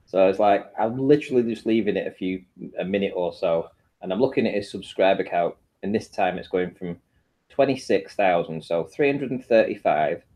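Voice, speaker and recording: A man with a lowish voice and a dark, mellow tone, talking on a video call. He speaks in a dry, matter-of-fact and defiant way while walking through what's on his screen. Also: expressive, normal speed. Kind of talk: casual online video call chat.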